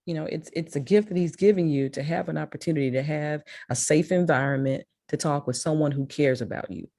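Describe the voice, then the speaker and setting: A woman from Memphis, USA, with a Mississippi accent speaks as a guest to students, delivering an emphatic, encouraging motivational talk and repeating things for stress. Her voice is deep and dark-toned, fairly quick, with no echo.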